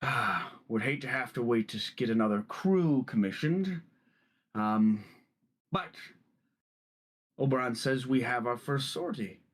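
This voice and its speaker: A man voicing a tall, gruff male ship captain who greets his crew boisterously in a tabletop game. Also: medium pitch, lively intonation, measured pace, long pauses. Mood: hearty.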